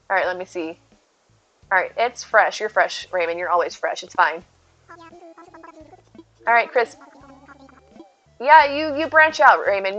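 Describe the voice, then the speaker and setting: Woman game streamer, mid-pitched, casual live chat, talks to herself and to chat; slightly dull recording. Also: fairly bright tone, no room sound. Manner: chatty, thinks aloud, answers chat. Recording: slightly muffled with faint game music.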